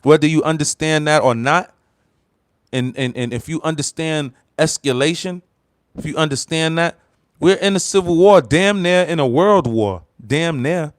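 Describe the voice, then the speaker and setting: An American man from the United States hosts a heated political commentary livestream, fired up and repeating himself as he addresses viewers directly. His voice is a little high, at normal speed, in a dry recording.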